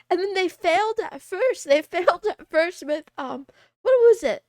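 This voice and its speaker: A woman's voice: very high voice, expressive, moderate pace, no room sound, studio quality. A woman in her twenties chatting casually on a livestream, rambling and giggly, often poking fun at herself. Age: 20s. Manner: rambling, giggly, self-deprecating. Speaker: streamer.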